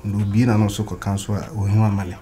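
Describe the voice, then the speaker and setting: Guy doing a sheepish buddy, lowish voice, kinda mumbly and defensive. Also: flat delivery, fast, mellow, lightly acted. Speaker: friend in a comedy drama. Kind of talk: comic drama acting.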